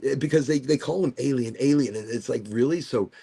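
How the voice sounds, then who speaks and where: A man's voice: medium pitch, a little fast, vocal fry, dark tone, husky. A man hosting a casual livestream chat, rambling from topic to topic and losing his thread. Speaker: host of a livestream talk show.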